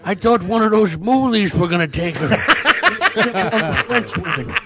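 A man's voice: high voice, animated, a crowd in the background, pitched above the performer's own voice. A man voicing a rambling, lecherous old man who drawls and wanders off topic. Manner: slow, wandering, leering.

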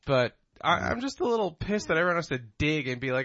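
A man's voice: fairly high pitch, big pitch swings, a little fast, a bit bright, dry recording, lo-fi sound. A man co-hosting a podcast, talking bluntly and profanely in a crude casual chat. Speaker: podcast co-host.

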